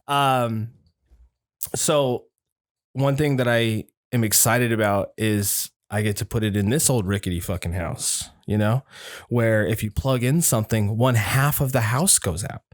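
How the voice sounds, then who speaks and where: A man's voice: lowish voice, a little slow, no room sound. Rambling storyteller man, dry mic. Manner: rambling storyteller, acts out quotes in raised voice, swears. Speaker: podcast host. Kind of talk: casual chat.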